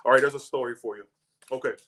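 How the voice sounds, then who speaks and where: A young man talks in a loose, animated way, drifting between family stories and tarot readings. He swears casually and his voice sits at an ordinary middle pitch. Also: rapid-fire, slight background noise. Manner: animated, laughing, swearing, chatty. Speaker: tarot reader.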